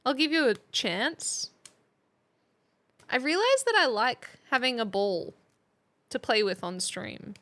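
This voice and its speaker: An Australian woman walks her stream viewers through a casual history lesson. Her voice sits a little high, and she talks at a slow, easy pace. She is chatty and playful and laughs often. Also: very animated, fairly bright tone, soft background music.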